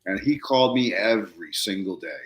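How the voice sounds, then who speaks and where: A man hosting a podcast, telling a story in casual conversation, excitable and swearing casually, acting out quotes in a raised voice. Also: on the low side, brisk, roomy sound. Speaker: podcast host.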